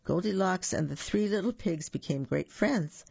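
A storyteller reading a fairy tale aloud in a lively, playful way. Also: medium pitch, moderate pace, gravelly, slightly rough, dry recording, dull audio.

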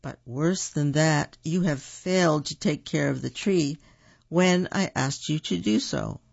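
A man's voice: a little high, creaky, dry recording. A man reading aloud, voicing a stern but loving father from colonial times, with a slightly raised, firm voice on a dull, dry recording. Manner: stern, measured.

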